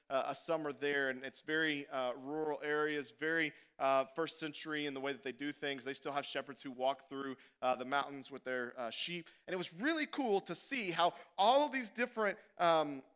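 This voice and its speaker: A man preaching a sermon as pastor, animated and conversational, swinging from loud to hushed. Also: on the high side, clear, resonant tone. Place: church.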